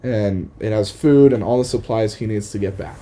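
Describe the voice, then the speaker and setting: A man's voice: fairly low pitch, normal speed, warm tone. A man narrating an improvised comedic story in a playful, rambling way. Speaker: podcast host.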